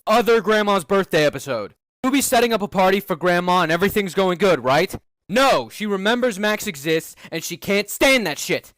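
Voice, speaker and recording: A man ranting sarcastically over cartoon clips, swearing a lot and getting loud. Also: high-pitched, expressive, moderate pace, dry recording. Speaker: comedy commentator. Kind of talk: profane ranting commentary.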